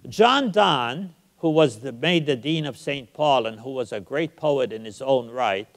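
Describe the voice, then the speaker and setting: A man's voice: mid-range voice, animated. Older man lecturing in an echoey hall. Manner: emphatic, recites verse slowly. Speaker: guest lecturer. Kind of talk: public lecture.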